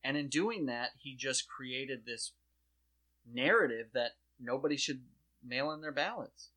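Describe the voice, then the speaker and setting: A man co-hosting a casual political chat, talking in an animated, rambling, profane way. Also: mid-range voice, measured pace.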